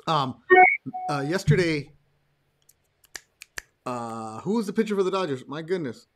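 A man chatting about baseball on a podcast, animated and quick to jump in with his own stories. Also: fairly high pitch, a little hiss or hum. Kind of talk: casual sports chat.

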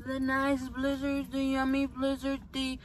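A woman co-hosting a casual nighttime mukbang from a parked car, describing the food in a slow, drawn-out way. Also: sits high, completely flat delivery, slight background noise. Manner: slow, drawn-out, savoring commentary. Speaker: mukbang co-host.

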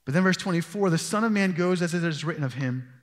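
A man's voice: on the high side, animated, quick pace, in a large hall. A man preaching a sermon as pastor, telling stories in a loose, conversational way. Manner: conversational storytelling with asides. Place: church hall.

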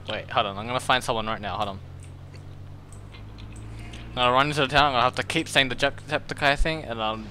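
Excitable, swearing young gamer man. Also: mid-range voice, brisk, long pauses, a little hiss or hum. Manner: excitable, profane, laughs a lot. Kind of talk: casual chat while gaming.

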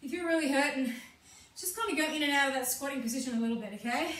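A woman's voice: high-pitched, fast. Breathless, whooping fitness coach woman. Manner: energetic, cheering, whooping encouragement. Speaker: fitness instructor. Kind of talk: live workout class coaching. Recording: echoey room, mic at a distance.

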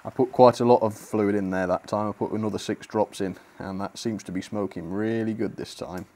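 A young British man talks through a model train review in a loose, chatty way, with plenty of chuckles and frank opinions. His voice sits a little low for a man. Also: fairly even intonation, brisk, darkish tone. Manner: chatty, laughs often, blunt opinions. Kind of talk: casual video review.

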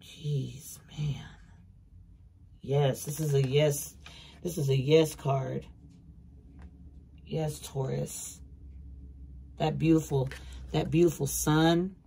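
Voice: medium pitch, steady tone, slow, gravelly, long pauses, dark tone, husky. A tarot reader giving a casual, emphatic reading, repeating words for stress and swearing bluntly. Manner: emphatic, repetitive, blunt and profane.

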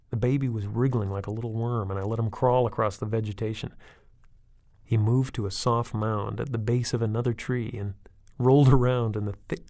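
Brief: gravelly male narrator, dry close mic, wry storybook delivery. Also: lowish voice, mellow, no echo. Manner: wry, conversational first-person storytelling. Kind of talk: audiobook reading of a horror story.

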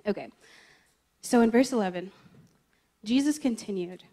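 A woman's voice: mid-range voice, moderate pace, darkish tone. A young adult woman giving a sermon in a church service, telling a story in a chatty way with lots of fillers. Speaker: guest preacher.

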